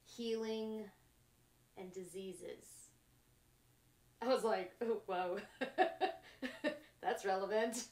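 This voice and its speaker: A woman talks in a very slow, drawn-out way, musing in short fragments and laughing softly between her thoughts. Her voice sits at an ordinary pitch and carries the echo of a bare room. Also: steady tone. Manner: slow, musing, trailing phrases with frequent laughs. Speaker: podcast host. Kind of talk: reflective spiritual monologue.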